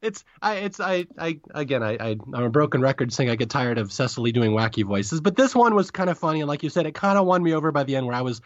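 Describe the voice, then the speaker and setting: Fast-talking male podcast co-host. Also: a little high, very animated, no echo, muffled recording. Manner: rapid, chatty, self-correcting. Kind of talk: casual review chat.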